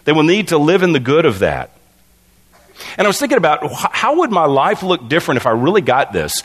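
A male pastor preaching in a lively, wide-ranging voice that sits a little high for a man. He tells stories animatedly, often stammering and restarting, and acts out the people in them. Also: fairly quick, husky. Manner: animated storytelling, acts out voices in his anecdotes. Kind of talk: sermon.

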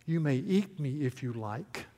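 A man voicing a gentle, timid female talking horse who pleads softly. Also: fairly high pitch, animated, a little slow. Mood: pleading. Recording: echoey hall reverb.

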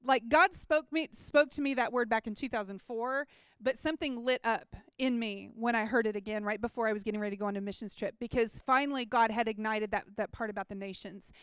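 A woman gives a personal faith testimony in a casual, heartfelt way, full of "like"s and restarts. Her voice sits high and sounds smooth and clear. The recording is dry and close. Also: fairly quick, no echo. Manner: casual and earnest, lots of "like" and restarts. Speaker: mission trip team member.

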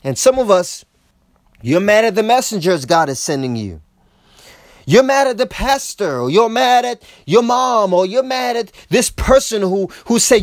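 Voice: medium pitch, sing-song, unhurried, no echo, studio quality. A preacher delivering a sermon, acting out quoted voices and often repeating words. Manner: repeats words as they speak.

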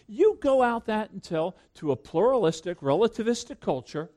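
A man preaching a sermon to a congregation, swinging between loud emphatic peaks and hushed low asides. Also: sing-song, brisk, few pauses. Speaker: pastor.

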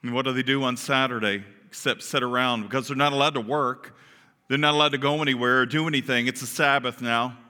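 A man preaching a sermon, telling a story dramatically, his voice swinging from hushed to loud as he acts out voices. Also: mid-range voice, steady tone, fast talker. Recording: long hall reverb.

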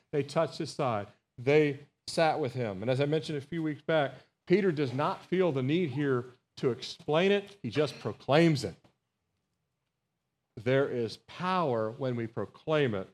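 A male pastor preaching a Bible study sermon, earnest and emphatic, repeating words and calling out to his congregation. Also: medium pitch. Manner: earnest, emphatic, rising on key phrases, asks the congregation "Amen?"; repeats words and restarts phrases.

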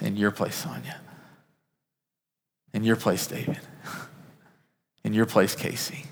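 A man preaching a sermon as pastor, earnest, naming listeners one by one, building to emphatic peaks and dropping to a soft hush. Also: fairly low pitch, creaky. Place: church sanctuary. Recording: reverberant church hall.

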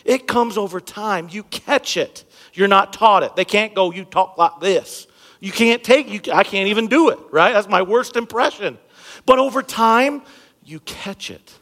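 A pastor in his thirties delivers a sermon from a brightly lit church sanctuary stage, chatting and joking with the congregation. His voice is high for a man, slightly bright and lively in intonation, and he punches key words emphatically at a moderate pace. Every phrase trails off into the long reverb of the large hall.

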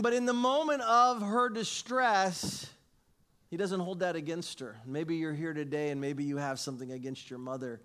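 A man's voice: sits high, moderate pace. A middle-aged male pastor preaching a sermon, telling stories with acted-out dialogue and chuckling at his own jokes. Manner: animated storytelling, acts out dialogue, laughs at own jokes. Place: church sanctuary with congregation.

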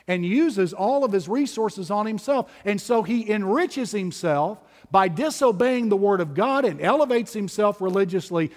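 A man preaching with slow, deliberate emphasis, leaning hard on key words. His voice is pitched high for a man. A long reverb hangs around him as if he stands in a large hall. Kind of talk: expository sermon.

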